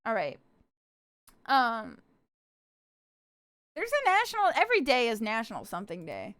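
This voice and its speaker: A woman's voice: high voice, wildly swooping pitch, slow, pauses often, a bit bright, dry recording. A young woman streaming live, chatting casually and giggling with her viewers, slipping into a cutesy puppy-girl act. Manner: bubbly, giggly, talks to chat and plays a cutesy puppy-girl persona.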